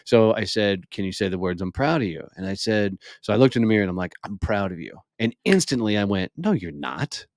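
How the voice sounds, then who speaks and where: A man in his forties, a podcast guest, telling a candid story in a blunt, profane and animated way. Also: lowish voice, fast talker, hardly any pauses, no room sound, studio quality.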